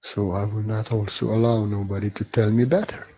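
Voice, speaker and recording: A man giving a spiritual monologue with a husky voice, speaking emphatically and swinging between soft and loud. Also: fairly low pitch, level tone, a little fast, muffled recording. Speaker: spiritual teacher.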